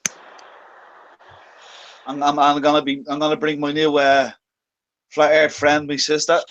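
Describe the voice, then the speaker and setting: A man's voice: fairly high pitch, completely flat delivery, unhurried, a bit bright, dull audio. A man from Dublin with a Dublin Irish accent, a chatty, teasing guest on a casual chat. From Ireland.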